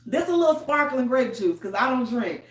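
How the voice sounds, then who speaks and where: A woman hosting a radio talk show, chatting casually and loudly with her listeners. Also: high voice, fairly quick. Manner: chatty, loud and animated, with African American Vernacular English. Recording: roomy echo.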